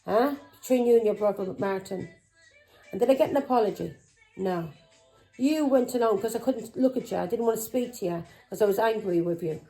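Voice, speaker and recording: A woman's voice: medium pitch, brisk, creaky, dark tone, soft background music, rough recording. A middle-aged woman, a tarot reader who talks in an angry, accusing way, swearing and firing taunting questions. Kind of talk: tarot reading vlog.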